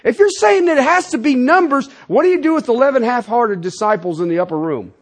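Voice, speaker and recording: A middle-aged man preaching a sermon as a pastor, emphatic, swinging between loud declarations and quiet asides. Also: very high-pitched, animated, brisk.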